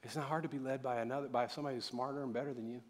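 A middle-aged man preaching a sermon in church, talking casually and joking, then building up to loud, fervent preaching. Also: mid-range voice, steady tone, very fast. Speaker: pastor.

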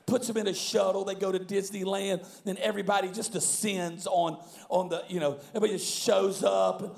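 A male pastor preaching a sermon, telling a story animatedly, with bursts of shouting and frequent restarts. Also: sits high, steady tone, brisk, creaky. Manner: many repeated words and restarts.

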